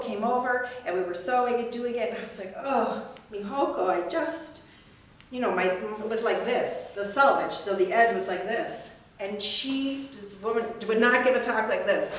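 Reflective woman speaking in an echoey room. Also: medium pitch. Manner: reflective, rambling, laughs often. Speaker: weaving artist giving a talk. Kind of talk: casual gallery talk. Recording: echoey room from a distance, faint noise.

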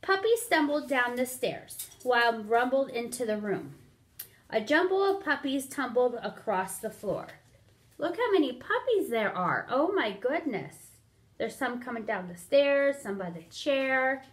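Slow, high-voiced woman reading to kids. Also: big pitch swings. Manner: interactive, asks children to count along. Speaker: storyteller for children. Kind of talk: reading a picture book aloud to children.

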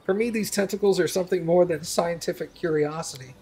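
A man's voice: high-pitched, a little fast, a little mellow, husky. Man doing a pompous frog-shaped gnome scholar. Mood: formal. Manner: formal, pompous.

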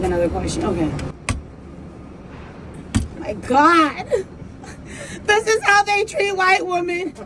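Very high-pitched, brash comic woman. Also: noisy background. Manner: theatrical, shrill and profane, with mock outrage. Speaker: comedic performer. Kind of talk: rehearsing a comic persona before an interview.

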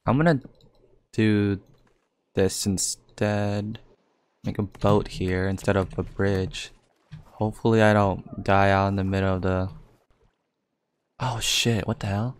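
A young man with a lowish voice talks through his game as he plays. He thinks out loud, then breaks into sudden exclamations and curses. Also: level tone, slow, long pauses, clean tone. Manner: reactive, swears and exclaims often, thinks aloud. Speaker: gaming YouTuber. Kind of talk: live game commentary.

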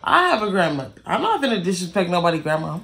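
Young woman vlogger, gravelly voice, swearing freely through a casual storytime. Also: fairly low pitch, sing-song, fast, a bit bright. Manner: blunt, heavily profane, repeats herself for emphasis. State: irritated.

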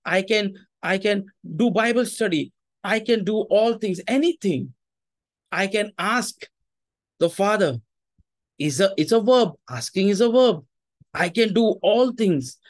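A male pastor preaching in a relaxed, conversational way, slipping into Hindi now and then. His voice sits high for a man. The sound is dry and close, with little room echo. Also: measured pace. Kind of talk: sermon.

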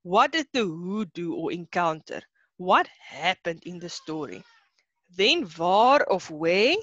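A woman's voice: lowish voice, fairly bright tone, dry recording, dull audio. Chatty South African woman teacher. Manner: chatty, laughs often, mixes in Afrikaans words. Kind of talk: online class lesson.

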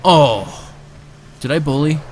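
An excitable man talks his way through his own gameplay, his voice sitting a little high and swinging widely as he cheers, groans and yells at the screen. He speaks close to a desk microphone in casual commentary. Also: takes it slowly, a little hiss or hum. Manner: excitable, bursts into shouts and repeated cheers. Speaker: gamer and video creator.

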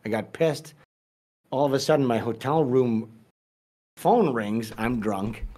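A man's voice: mid-range voice, a little slow, dark tone. Profane rambling male podcast guest. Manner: profane, rambling, many restarts. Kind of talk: casual podcast storytelling.

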